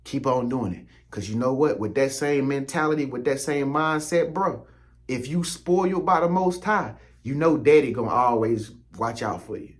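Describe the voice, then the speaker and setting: A man's voice: mid-range voice, moderate pace. Slangy preachy man talking straight to you. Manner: preachy, slangy, repetitive, addresses viewer directly. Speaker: spiritual content creator. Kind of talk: casual motivational spiritual talk.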